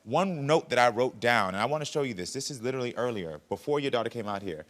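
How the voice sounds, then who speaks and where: A man hosting a talk show, mediating calmly and empathetically between guests. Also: mid-range voice. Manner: calm, measured, guiding and empathetic.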